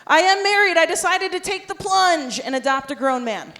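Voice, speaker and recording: A woman in her thirties hosting a live stand-up comedy show, with high-energy crowd work and self-deprecating jokes. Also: expressive, moderate pace, bright, forceful tone. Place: live stage in a theater.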